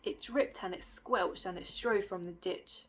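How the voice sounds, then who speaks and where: A woman's voice: lowish voice, unhurried, fairly bright tone, a little hiss or hum, low-quality recording. A woman reading a rhyming children's picture book aloud with a lilting rhythm. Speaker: storybook reader.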